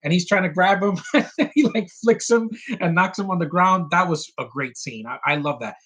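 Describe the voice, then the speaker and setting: A man hosting a casual solo film podcast, rambling excitedly with many restarts and quick bits of mimicry. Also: high-pitched. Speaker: podcast host reviewing a film.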